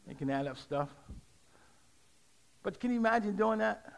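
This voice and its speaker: A middle-aged man preaching a sermon, leading call-and-response and rising to shouts. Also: high voice, lively intonation, moderate pace, vocal fry. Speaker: pastor.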